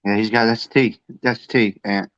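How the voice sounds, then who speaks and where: Loud, laughing man, dry and dull. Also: fairly low pitch, steady tone, normal speed, clean tone, no echo. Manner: loud, laughing, swearing freely. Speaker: podcast co-host. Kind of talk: casual chat.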